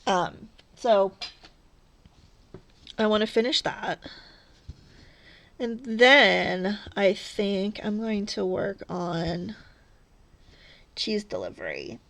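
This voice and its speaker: A woman's voice: medium pitch, sing-song, extremely slow, vocal fry, pauses often, a bit bright. A woman vlogging casually as she cross-stitches, rambling and chatty, often laughing at herself. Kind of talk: casual stitch-along chat.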